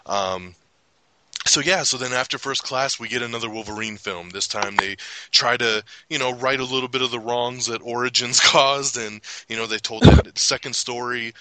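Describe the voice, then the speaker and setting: A man hosting a casual movie review podcast, excitable, laughing often and acting out quotes in a raised voice. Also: fairly low pitch, no echo, rough recording. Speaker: podcast host.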